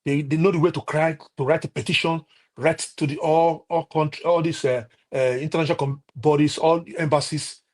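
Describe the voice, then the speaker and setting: Brisk and steady in tone, a fairly high-pitched man with a Nigerian accent unleashes an impassioned political rant on a live stream. He keeps repeating himself, restarting, and filling gaps with fillers.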